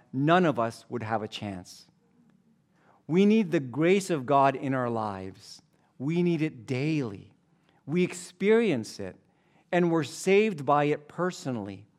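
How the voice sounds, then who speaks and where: A man preaching a sermon as pastor, reading scripture, telling jokes and repeating key phrases for emphasis. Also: on the high side.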